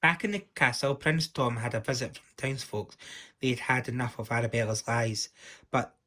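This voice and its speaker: A man reading a children's story aloud in a lively, expressive manner, with small stumbles. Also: medium pitch, brisk.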